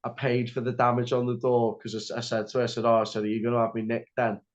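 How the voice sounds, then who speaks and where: A man's voice: medium pitch, completely flat delivery, fast talker. A young man telling a story as a podcast guest, rambling with lots of "like" and restarts. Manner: rambling, heavy use of "like" and restarts. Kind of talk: casual storytelling interview. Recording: slightly dull lo-fi audio.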